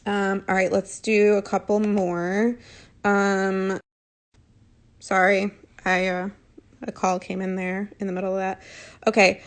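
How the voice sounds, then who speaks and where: Woman teacher on a phone live stream, patient and encouraging, bit of vocal fry. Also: medium pitch, level tone, takes it slowly, long pauses. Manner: patient, encouraging, corrects answers gently. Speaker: Spanish teacher. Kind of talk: live online lesson.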